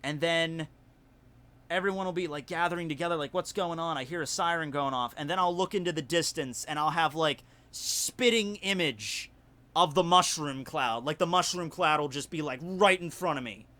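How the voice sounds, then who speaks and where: A man with a Southern US accent, telling a story in casual livestream chat, rambling and animated with lots of fillers. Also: fairly high pitch, normal speed. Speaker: YouTuber hosting a livestream.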